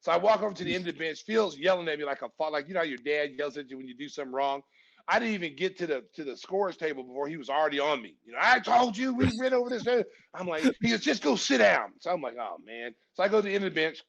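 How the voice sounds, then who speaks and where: Gravelly-voiced man telling animated stories. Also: fairly high pitch, very fast. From Oklahoma, USA. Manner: animated, acts out quoted voices. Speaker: guest, former pro basketball player. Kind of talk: casual storytelling. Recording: dull lo-fi podcast recording.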